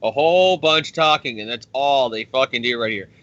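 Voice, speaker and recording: A man co-hosting a podcast, recapping a comic book in a rambling, profane, excitable way. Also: medium pitch, moderate pace, dry recording. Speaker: podcast co-host. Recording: dry, dull lo-fi sound.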